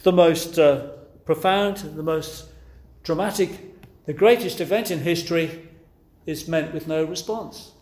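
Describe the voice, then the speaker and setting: In an echoing, roomy space, a man preaches earnestly and pleadingly, firing direct question after question at his hearers. His voice sits a bit high for a man but has a darkish tone, and his pace is a little slow.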